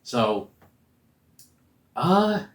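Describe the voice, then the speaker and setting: A man giving a casual spoiler review of a movie, talking in a slangy, animated, rambling way. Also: mid-range voice, drawn-out words. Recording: roomy echo.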